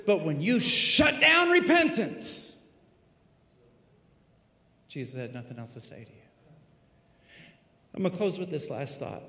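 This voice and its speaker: A man preaching a sermon in a full church sanctuary, swinging dramatically from hushed tones to shouting. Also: high-pitched, wildly swooping pitch, measured pace, long pauses, slight background noise. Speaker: pastor. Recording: echoey hall reverb.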